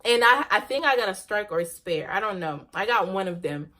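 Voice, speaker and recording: A woman's voice: mid-range voice, lively intonation, fairly quick, sharp tone. A young woman vlogger telling a casual personal story, laughing often and ending on a faith message.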